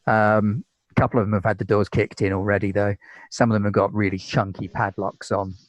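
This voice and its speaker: A man's voice: lowish voice, flat delivery, a little fast, dry recording, poor audio. A British man narrating as game master of a tabletop game, describing scenes in an easygoing way with many fillers.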